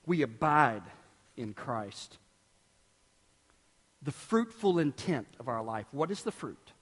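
A man preaching a sermon as pastor, animated, swinging between loud outbursts and hushed, quiet lines. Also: medium pitch, slow, slightly rough, big-room sound. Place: church.

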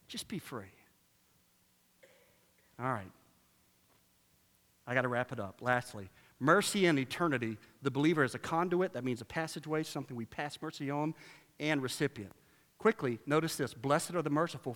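A man preaching a sermon as pastor, passionate and sarcastic by turns, moving between quiet storytelling and loud exhortation in a large church. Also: fairly high pitch. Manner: sarcastic asides. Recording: long reverb of a big church hall.

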